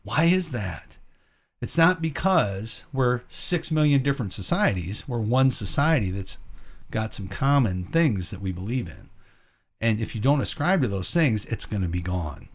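A man's voice: mid-range voice, lively intonation, unhurried. A man co-hosting a Christian talk show, rambling through opinions and tagging points with rhetorical questions. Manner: rambling, rhetorical "right?" tags. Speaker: podcast co-host. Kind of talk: conversational Christian commentary.

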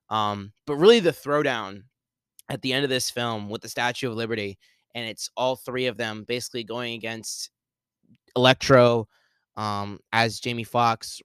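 A man hosting a podcast solo, talking excitedly and rambling, with lots of "like". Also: mid-range voice, clear, resonant tone, dry recording. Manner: excited, rambling, heavy use of "like". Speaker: podcast host. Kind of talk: solo movie spoiler talk.

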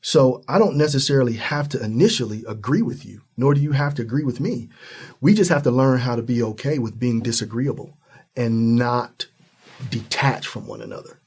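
A man's voice: moderate pace, slightly rough. A man from Ohio in the US Midwest, a guest in a conversational interview, talking earnestly and acting out the people in his stories. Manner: earnest, animated storytelling, acts out high-pitched quoted voices.

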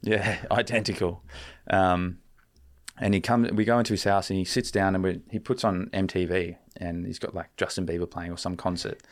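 A man's voice: low-pitched, flat delivery, moderate pace. A young man, telling a story as a podcast guest in a rambling, laid-back way, with lots of fillers and casual swearing.

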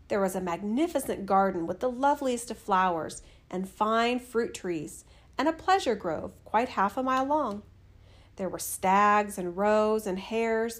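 A woman narrating a fairy tale in a steady, expressive reading. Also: a little high. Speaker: storyteller.

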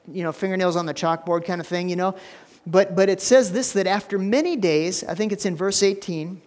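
A male pastor preaching a sermon in a church, telling stories with animated energy and stammered restarts. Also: high voice, big-room sound.

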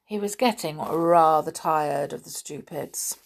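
A woman narrating a children's storybook in a gentle, even storytelling manner. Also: low-pitched, measured pace, gravelly.

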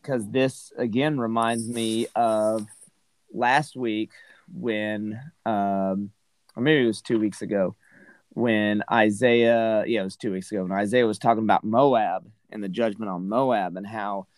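A man's voice: lowish voice, fairly even intonation, a little slow, no echo, rough recording. A man casually discussing a Bible passage as a podcast co-host, rambling with many "right?" and "you know" asides.

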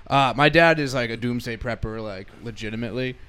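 A man's voice: medium pitch, a little fast, a bit bright. A young man on a podcast, chatting casually and rambling with lots of fillers. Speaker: podcast host. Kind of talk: casual chat. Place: podcast studio.

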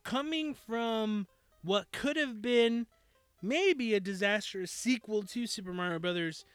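Podcast host, male, high voice, dry close sound, easygoing and chatty. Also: smooth, no room sound, faint music behind. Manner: relaxed, drawn-out wrap-up talk with fillers. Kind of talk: casual podcast chat.

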